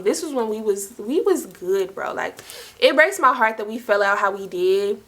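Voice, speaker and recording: A woman's voice: mid-range voice, normal speed. A young woman telling a personal story to her viewers, casual and slangy, full of "like" and "y'all". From South Carolina. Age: young adult. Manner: slangy, animated, fillers of "like" and "y'all". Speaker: storytime vlogger.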